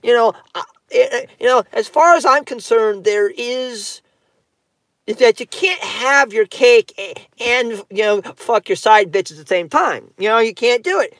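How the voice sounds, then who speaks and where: A man's voice: very high-pitched, unhurried, fairly bright tone, dry recording. A man ranting on his own channel, profane and rambling, repeating himself. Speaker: YouTube commentator. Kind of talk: ranting commentary.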